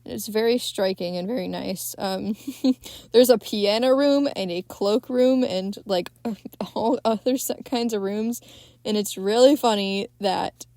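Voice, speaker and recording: A woman's voice: mid-range voice, unhurried, dark tone, dry recording. A young woman hosting a podcast, recapping a film in a rambling, casual way with lots of fillers and swearing. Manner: rambling, many fillers, swears freely, frequent laughs. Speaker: podcast host.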